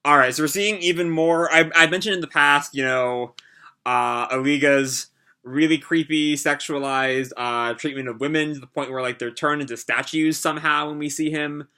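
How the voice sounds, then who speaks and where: A man hosting a manga reaction, reading chapters aloud and pausing to comment with hesitant, reflective asides. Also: on the high side, fairly even intonation, bright, forceful tone, smooth. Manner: hesitant, lots of fillers and restarts, reflective.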